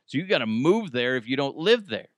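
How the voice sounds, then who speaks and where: A man's voice: medium pitch, sing-song, a little fast, dry recording, studio quality. A man from Colorado hosting a casual podcast, rambling and joking at his own expense. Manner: rambling, self-deprecating, jokey asides. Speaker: podcast host. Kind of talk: casual solo chat.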